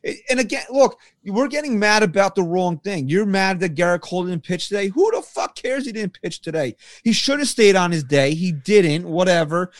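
Agitated, profane man, slightly high voice. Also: animated, moderate pace, hardly any pauses, dry recording, clean studio sound. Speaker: podcast co-host. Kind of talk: heated sports podcast rant.

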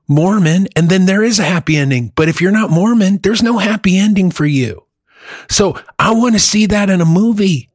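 Male, casual podcast co-host, profane ranting delivery, slightly husky, fairly high voice. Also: no echo, clean studio sound.

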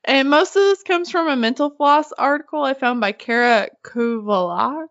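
A woman's voice: high voice, moderate pace, fairly bright tone, dull audio. A woman hosting a podcast in casual chat, chatty and giggly, swearing casually. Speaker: podcast host.

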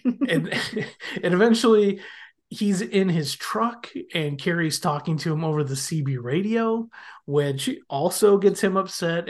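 A podcast host in casual chat, recapping an episode animatedly, laughing often and acting out quoted lines. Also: mid-range voice.

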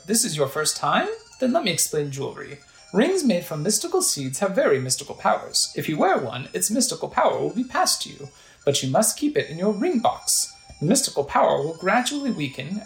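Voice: medium pitch, very animated, fairly quick, gravelly, roomy sound, faint music behind, pitched above the performer's own voice, low-quality recording. A game player voicing a genial male jeweler shopkeeper from a video game who explains things in a chatty way.

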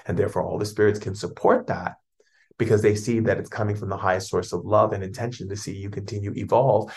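A man giving a spiritual talk as a teacher, speaking in flowing, repetitive, soothing phrases. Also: on the low side.

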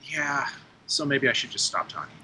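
A man's voice: mid-range voice, very animated, normal speed, heavy background noise. A man talking casually on a podcast, hesitant and self-deprecating, with many restarts. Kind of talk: casual conversation.

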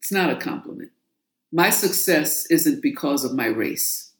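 A woman's voice: low-pitched, lively intonation, measured pace. A woman from New York, an author and guest in an interview, telling her story in a forthright, emphatic way. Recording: roomy echo.

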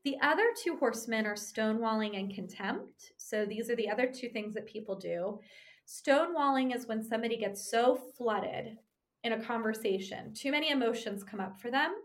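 Woman, relationship therapist, fairly high voice, chatty explainer. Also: moderate pace. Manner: conversational, animated, frequent tag "right?". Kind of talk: explanatory talk on couples communication.

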